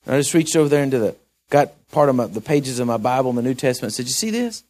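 A man preaching a sermon in a church, telling a jail story in a folksy, halting way and building to emphatic exhortation. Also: mid-range voice, a little mellow. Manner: folksy, halting delivery with repeated restarts. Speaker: pastor.

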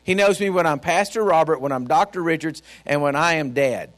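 A man's voice: fairly high pitch, fairly quick, a bit bright. A man preaching a sermon as a pastor, folksy and storytelling, speaking directly to his congregation. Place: church.

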